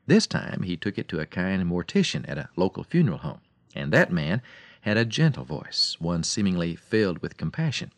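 A man giving a radio devotional talk as a preacher, telling stories dramatically and swinging between loud and soft delivery. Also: sits low, very animated, normal speed, dry recording.

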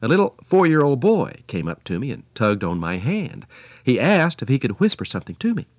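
A man's voice: medium pitch, wildly swooping pitch, a little fast, no echo. A man preaching on the radio, telling stories in an earnest, pleading way and speaking to parents directly.

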